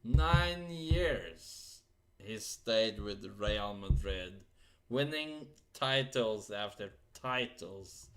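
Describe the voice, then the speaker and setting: Slow, hesitant man talking football. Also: lowish voice, a bit bright. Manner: slow, hesitant, many fillers and pauses. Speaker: football vlogger. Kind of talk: casual unscripted commentary.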